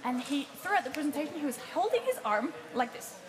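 A woman coaching a group on presenting, chatty and lively, often laughing between points. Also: sits high, fast talker. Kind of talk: workshop teaching.

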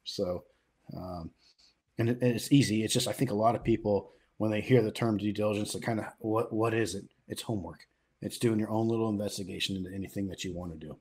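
A man's voice: on the low side, quick pace, darkish tone, slight background noise. A middle-aged man from the US West Coast co-hosting a podcast, talking casually with frequent fillers and restarts. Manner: conversational, many fillers and restarts. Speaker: podcast co-host. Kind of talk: casual chat.

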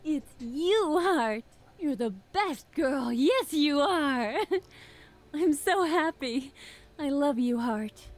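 A doting young woman in a video game, cooing at her dog in a very high sing-song. She draws each word out slowly. The voice sits a little back from the mic. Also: expressive, full character voice. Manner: sing-song baby talk to a pet.

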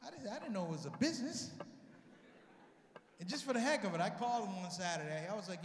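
A man performing stand-up on a convention stage, telling animated family stories and acting out his relatives. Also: sits high, quick pace, pauses often. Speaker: stand-up comedian. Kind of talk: stand-up comedy set. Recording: echoey hall.

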